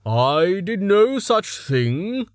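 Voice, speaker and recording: A man voicing a formal, aloof male scholar who lectures in measured, precise sentences in an audiobook. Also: mid-range voice, no echo. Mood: indignant.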